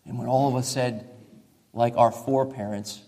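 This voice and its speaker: A man's voice: mid-range voice, fairly even intonation, normal speed. Emphatic man preaching in a reverberant hall. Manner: emphatic, drops to a hush for effect, piles up repeated phrases. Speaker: pastor. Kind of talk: sermon. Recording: long reverb from a large hall.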